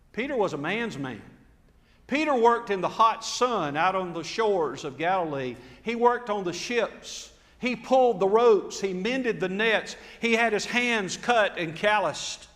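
High-voiced preacher in a reverberant hall. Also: male voice, a bit bright. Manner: dramatic storytelling preacher, acts out quotes. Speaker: pastor. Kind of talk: sermon.

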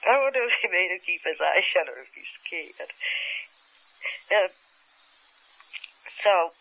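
A woman's voice: lowish voice, expressive, vocal fry. Woman recalling events under hypnosis on a tinny old tape. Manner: halting, hesitant, many restarts; grows agitated and insistent. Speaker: hypnosis subject. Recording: raw, poor archival tape, phone-like.

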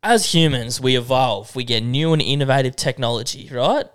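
A man's voice: mid-range voice, normal speed, clear, resonant tone. A man co-hosting a podcast, talking in a laid-back, agreeable way. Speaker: podcast co-host. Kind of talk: casual chat.

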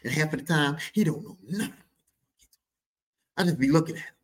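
Animated husky man telling a profane story. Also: on the high side, brisk, rough recording. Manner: profane, animated, mimics voices mid-story. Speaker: podcast host. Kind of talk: casual storytelling monologue.

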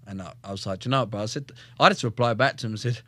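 A man's voice: fairly low pitch, very fast, no echo. A young man, a fighter, telling his life story on a podcast in casual, swear-filled talk. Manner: heavy swearing, animated, acts out quotes. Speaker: guest, fighter.

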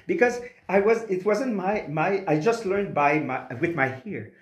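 A man's voice: high voice, expressive, echoey room. A man with a Québécois French accent, a native French speaker and opera singer, speaking in an interview with many hesitant restarts. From Quebec. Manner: halting, many restarts and fillers. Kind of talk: interview conversation.

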